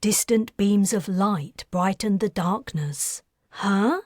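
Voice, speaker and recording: Woman author reading her novel, slow and measured, dry close sound. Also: lowish voice, darkish tone, husky, dry recording. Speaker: author narrating. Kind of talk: audiobook narration.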